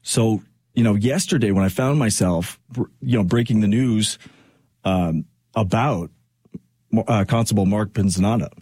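A man's voice: on the low side, moderate pace, long pauses, a little mellow, husky, no room sound. A man hosting a radio talk show, speaking in an earnest, reflective monologue that rambles with fillers. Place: radio studio.

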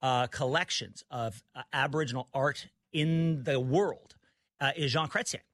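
A man from Canada, a guest in casual talk-show chat, telling anecdotes in a measured way with restarts. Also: mid-range voice, a bit bright, dry recording, studio quality.

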